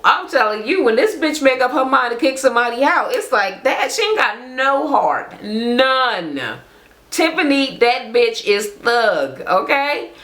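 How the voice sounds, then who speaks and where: A woman recapping a reality TV episode as a vlogger, telling it in a blunt, profane, animated way. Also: high voice, unhurried. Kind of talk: casual ranting recap.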